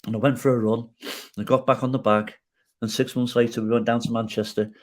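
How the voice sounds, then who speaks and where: A middle-aged man telling his personal story as a podcast guest, animated and emotional, with many restarts and self-deprecating jokes. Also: medium pitch, fairly quick.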